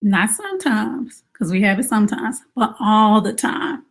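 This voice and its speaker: Animated woman coaching moms. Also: mid-range voice, measured pace, vocal fry. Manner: animated, acts out quoted moms in exaggerated voices; conversational, with rhetorical questions. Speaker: self-care coach for mothers. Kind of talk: casual advice talk to camera.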